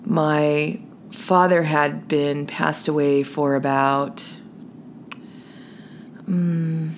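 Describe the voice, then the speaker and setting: Woman w a low voice, slow storytelling podcast host, goes all hushed n whispery at the creepy bits. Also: steady tone, a little hiss or hum. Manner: hushed, drops to a whisper for tense moments. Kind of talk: personal storytelling.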